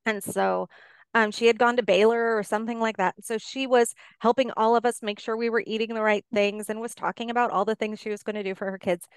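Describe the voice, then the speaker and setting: Middle-aged woman, podcast guest, earnest and encouraging, smooth voice, dry close sound. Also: fairly high pitch, steady tone, brisk, dry recording. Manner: warm, encouraging, earnest advice-giving. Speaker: podcast guest, life coach. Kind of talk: casual podcast conversation.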